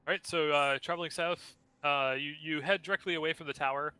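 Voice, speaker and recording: A man narrating a tabletop game as dungeon master, halting with frequent restarts and fillers. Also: fairly high pitch, steady tone, bright, forceful tone, smooth, no echo. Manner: halting, lots of uh and restarts, laughs often.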